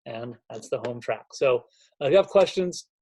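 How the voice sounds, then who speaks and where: A man talks gym owners through a workout program in an energetic, conversational way, tossing in "right?" to keep them with him. His voice sits at an ordinary middle pitch. It sounds close and dry, with no room echo. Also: normal speed. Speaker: fitness coach presenting programming. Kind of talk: screen-share walkthrough for gym owners.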